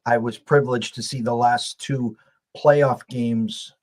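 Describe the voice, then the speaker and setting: Man, mid-pitched, chatty host, stammers into his sentences. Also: fairly even intonation, takes it slowly. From United States. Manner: chatty, repeats words when starting sentences. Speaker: podcast host. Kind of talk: casual sports betting chat.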